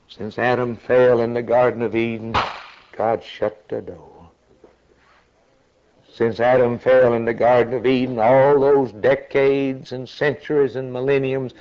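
A man preaching at an unhurried, deliberate pace. His delivery is dramatic, rising to loud, high-pitched cries. The recording is dull and lo-fi. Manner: slow, dramatic preaching that climbs to high shouted peaks. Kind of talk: sermon.

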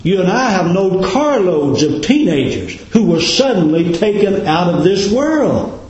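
A man's voice: high voice, sing-song, measured pace, darkish tone, highs cut off. A man preaching a sermon in a folksy, dramatic cadence, full of rhetorical questions. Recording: very echoey room.

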